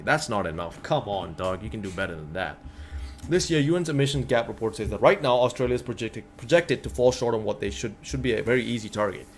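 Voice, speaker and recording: A man from North America streaming at his computer, reading a news article aloud and reacting in a casual, exasperated way, sometimes breaking into loud remarks. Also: mid-range voice, a little hiss or hum. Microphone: computer desk mic.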